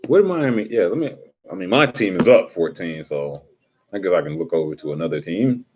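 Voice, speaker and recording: A man casually chatting with his livestream viewers, joking around and breaking into quick impressions. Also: low-pitched, animated, darkish tone, slightly rough.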